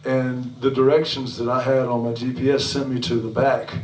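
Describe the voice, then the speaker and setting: A man's voice: medium pitch, flat delivery, normal speed. A man fronting a band, telling a loose, rambling story between songs, swearing freely and chuckling, heard live on stage in a restaurant venue. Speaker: singer-songwriter and bandleader. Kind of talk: between-song stage banter. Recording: echoey live room from far off.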